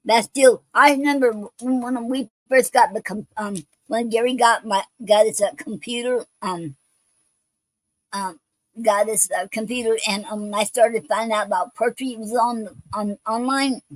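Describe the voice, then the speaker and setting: A woman's voice: on the high side, fairly even intonation, normal speed, no echo, rough recording. A woman hosting a poetry show, reading poems and explaining a poetic form in a hesitant way, with many ums and restarts.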